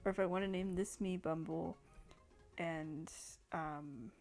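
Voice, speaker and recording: A woman's voice: fairly low pitch, fairly even intonation, unhurried, darkish tone, soft background music. A young woman hosting a gaming channel, chatting casually over gameplay, rambling with many fillers and restarts.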